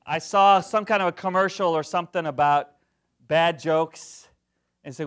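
A middle-aged man preaching a sermon, jokey and animated, swinging from loud to hushed. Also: on the high side, normal speed, clear, resonant tone. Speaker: pastor.

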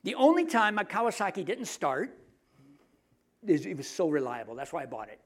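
A middle-aged man preaching a sermon in a conversational, joking way, often dropping his voice to hushed asides. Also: high-pitched, big pitch swings, moderate pace. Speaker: pastor.

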